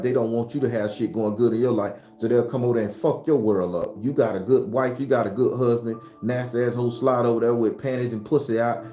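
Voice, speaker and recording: A man delivers an unscripted spiritual talk, blunt and full of profanity. His voice is mellow and dark, and it jumps higher and louder when he gets worked up. The room is echoey, with faint music behind him. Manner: gets loud and high-pitched when fired up. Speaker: spiritual teacher.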